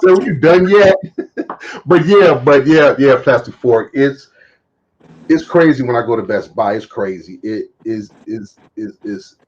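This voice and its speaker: A man's voice: medium pitch, a little slow, highs cut off, slight background noise. A man hosting a casual chat, telling funny stories with lots of laughter and acted-out lines. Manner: laughing storyteller, acts out his own shouts. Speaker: host.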